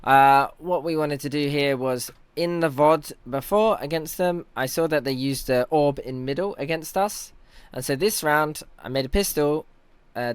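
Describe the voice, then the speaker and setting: A man's voice: mid-range voice, clean tone, no echo. Chatty young man breaking down a match. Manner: chatty, analytical, self-teasing. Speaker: team captain and in-game leader. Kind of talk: casual commentary over match footage.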